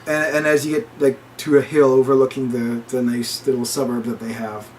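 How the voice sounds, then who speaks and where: A man's voice: medium pitch, level tone, a little fast, a little mellow, a little hiss or hum. A man co-hosting a casual chat, retelling a story with lots of quoted dialogue and restarts. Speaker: podcast co-host.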